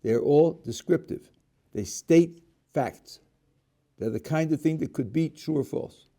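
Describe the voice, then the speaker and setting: A man's voice: a little high, unhurried, dark tone. A middle-aged man, a rabbi, giving a lecture on prayer, explaining step by step, asking his students questions and often restarting words. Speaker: rabbi teaching a class.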